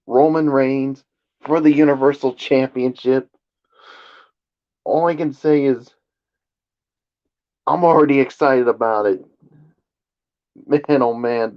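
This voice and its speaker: A man's voice: mid-range voice, dull audio. A man co-hosting a wrestling review show, chatting enthusiastically and passing the floor to his co-hosts. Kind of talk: casual podcast chat.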